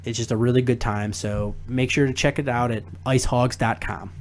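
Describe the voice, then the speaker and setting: A man's voice: medium pitch, normal speed. A young man hosting a casual sports talk podcast, reading a sponsor spot and chatting with guests. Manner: animated, laughs while telling stories. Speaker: podcast host.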